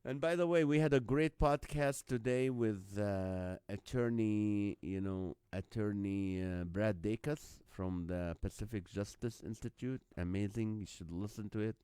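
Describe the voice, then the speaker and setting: A man's voice: lowish voice, unhurried, few pauses, mellow, clean tone, dry recording. A man hosting a live online comedy show, reading out viewer jokes, greeting viewers by name and laughing often at the lines.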